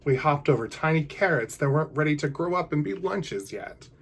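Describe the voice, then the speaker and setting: Animated man reading a picture book. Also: a little high, brisk, creaky, slight background noise. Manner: animated, with hushed asides to the kids. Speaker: drag queen storyteller.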